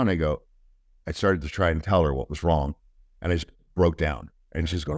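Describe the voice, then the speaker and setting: A man with an extremely low, deep voice speaks as an interview guest, recounting something personal in an earnest way. He often stops and starts over mid-sentence. The sound is dry and close, with no room echo. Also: a little mellow. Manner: earnest, halting, with many restarts. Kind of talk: personal storytelling in conversation.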